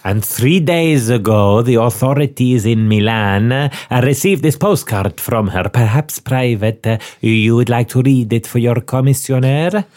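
Man doing a slow pompous Italian inspector. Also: mid-range voice, a little mellow, close to an everyday voice. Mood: grave. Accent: Italian, put on. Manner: slow, halting, formal reading.

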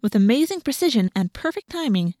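A woman's voice: fairly high pitch, very animated, a little fast, mellow, dry recording. Woman reading a story, dry close sound. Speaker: audiobook narrator. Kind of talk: scripted first-person narration.

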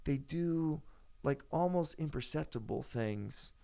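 A man's voice: a little high, animated, slow, gravelly, mellow. A man talking casually and at length, rambling with many fillers and restarts as he tells a personal story. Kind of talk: casual chat.

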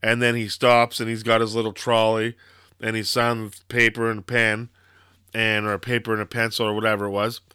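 Podcast co-host, man, rambling storyteller, bright and crisp, dry. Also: lowish voice, completely flat delivery, normal speed, dry recording. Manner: rambling storyteller, lots of fillers and profanity. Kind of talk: casual chat.

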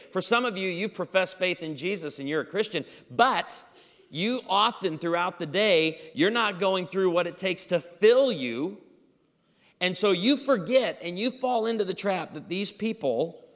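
A man preaching a humorous sermon with stories, acting out dialogue in an animated way. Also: a little high. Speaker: pastor. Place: church auditorium. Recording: live hall reverb.

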